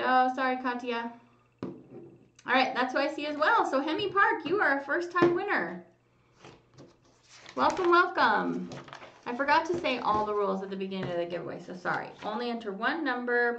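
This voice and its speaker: The livestream host's voice is on the high side and a bit bright, with vocal fry. She sits far from the mic, and there's a little hiss or hum. She chats casually with viewers, reads their comments aloud, and hums while waiting, all on lo-fi, roomy home stream audio.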